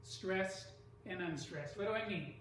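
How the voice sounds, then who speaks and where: A teacher giving a lesson on poetry, speaking slowly and deliberately and sounding out stressed syllables. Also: medium pitch, fairly bright tone, slight background noise. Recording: echoey room from far off.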